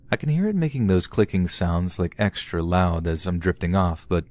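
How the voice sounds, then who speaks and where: Deep-voiced man casually telling a scary story. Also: darkish tone. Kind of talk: first-person horror story narration.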